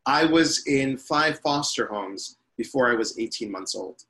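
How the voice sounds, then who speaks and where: A man's voice: mid-range voice, animated, measured pace, pushed and bright, low-quality recording. A man in his fifties, a spiritual teacher and interview guest, telling his life story in a chatty, rambling way. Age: 50s.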